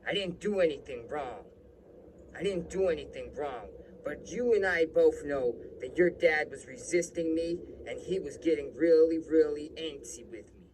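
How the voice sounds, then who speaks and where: A man voicing an abusive, foul-mouthed male police officer who shouts and sneers. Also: fairly high pitch, moderate pace, slight background noise, pitched above the performer's own voice, lightly acted. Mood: defensive. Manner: shouting, crude, bullying.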